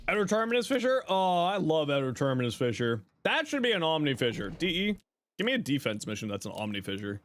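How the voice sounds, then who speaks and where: Young man, game streamer, casual jokey chat, animated delivery on a desk mic. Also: on the high side, fast talker. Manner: chatty, reads chat aloud, jokey. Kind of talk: casual live game commentary.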